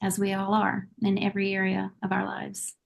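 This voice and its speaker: A woman speaking as a guest accent coach in a podcast interview, giving measured and encouraging advice. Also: medium pitch, monotone, vocal fry. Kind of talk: conversational interview answers.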